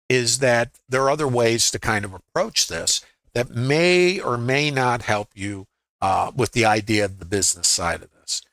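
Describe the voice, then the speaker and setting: A man's voice: medium pitch, bright, forceful tone, no echo, low-quality recording. A man in his sixties giving live trading commentary to his viewers. He talks in a conversational way, thinks aloud with rhetorical questions and often checks that viewers are following. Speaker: futures trading educator.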